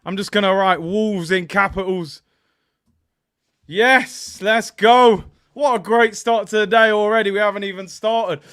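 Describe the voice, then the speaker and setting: A young man hosting a live football watchalong, giving shout-outs to viewers and cheering loudly at goals. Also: high voice, a little slow, smooth. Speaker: watchalong host.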